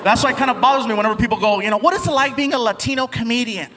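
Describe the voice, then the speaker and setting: A man performing a stand-up comedy set on a theater stage, animated and playful, slipping into voices. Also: very high-pitched, racing, long reverb tail, slight background noise. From United States. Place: large theater with live audience. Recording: live stage recording with loud crowd.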